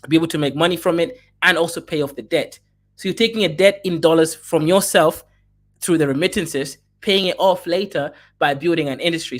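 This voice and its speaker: A man hosting an online panel discussion, talking fast and emphatically with casual slang. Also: on the high side. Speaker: host.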